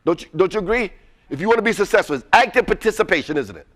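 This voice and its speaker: High, lively-voiced motivational man. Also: very fast. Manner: energetic, coaxing the audience to chant; casual, uses y'all. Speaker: presenter at a webinar. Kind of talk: motivational call-and-response talk. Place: presentation room with a live audience.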